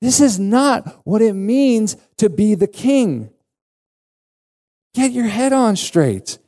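A man's voice: high-pitched, big pitch swings, slow pace, dark tone, pitched above the performer's own voice, heavily acted. A man voicing an impatient male disciple who scolds his teacher, in a raised, exasperated voice.

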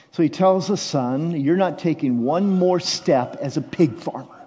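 A man preaching a sermon as pastor, shifting from hushed, intimate lines to loud, impassioned declarations. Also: a little high, unhurried, hardly any pauses, husky. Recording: dull sound with long hall reverb.

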